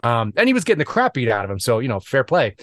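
A man hosting a podcast interview, chatting freely and telling long, lively stories. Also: mid-range voice, fast talker, no echo. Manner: lively rambling storyteller. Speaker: podcast host. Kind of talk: conversational interview.

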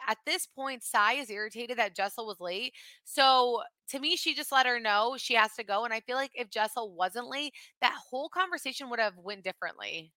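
A woman in her thirties co-hosting a casual chat podcast, animated and quick to act out her own reactions. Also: a little high, no echo. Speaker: podcast co-host.

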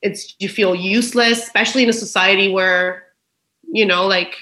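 A woman's voice: medium pitch, steady tone, normal speed, bright, forceful tone. A woman speaking as a podcast guest in a frank, emotional, personal conversation, swearing freely. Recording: roomy echo.

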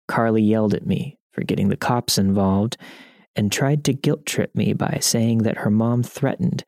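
A man narrating first-person stories as scripted narration, even and matter-of-fact. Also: fairly low pitch, dry recording, studio quality. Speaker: story narrator.

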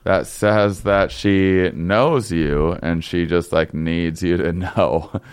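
A young man telling a long story in casual chat, halting and rambling, with many fillers and restarts. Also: deep voice, smooth.

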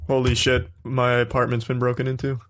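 A man's voice: mid-range voice, monotone, fairly quick, fairly bright tone. A man co-hosting a podcast in casual chat, teasing and jokey. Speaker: podcast co-host.

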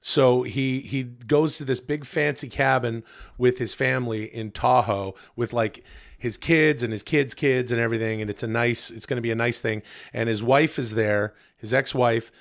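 A man co-hosting a podcast in casual chat, excitable and rambling, with many fillers and frequent swearing. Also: medium pitch, normal speed. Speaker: podcast co-host.

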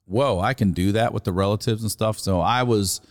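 A middle-aged man from Maryland, a comedian guest telling a profane, animated story in casual conversation. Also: on the low side, normal speed.

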